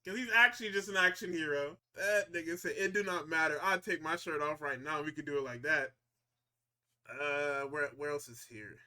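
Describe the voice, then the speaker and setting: High bright-voiced guy ranting about wrestling, laughs a lot, acts out promos. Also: moderate pace. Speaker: podcast co-host recapping wrestling. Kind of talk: casual profane recap chat.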